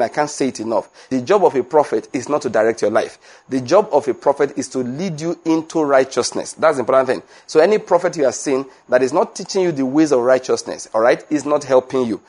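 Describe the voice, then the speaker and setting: Male preacher, mid-pitched voice, emphatic and repetitive sermon delivery that climbs when pressing a point. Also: a little mellow.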